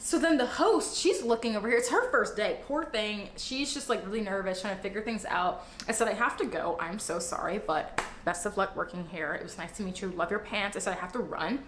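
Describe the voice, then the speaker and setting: A woman's voice: medium pitch, a little fast, a bit bright. A woman in her twenties telling a dramatic story in a chatty way, swearing freely. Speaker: storyteller in a clip. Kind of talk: casual storytelling. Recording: echoey room, faint noise.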